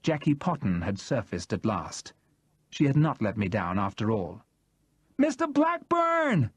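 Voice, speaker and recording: A male audiobook narrator reads in the first person with a husky voice. His pitch moves a great deal as he tells the story in a measured, expressive way. The recording is dry and close. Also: no echo.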